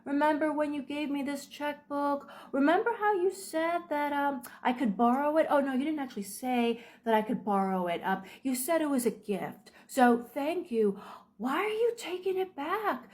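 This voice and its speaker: A woman's voice: high voice, lively intonation, normal speed, a little mellow, voice pushed up. A woman voicing a whiny, sly manipulator. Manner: whiny, wounded and dismissive. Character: manipulative guilt-tripping psychopath, self-pitying and sly.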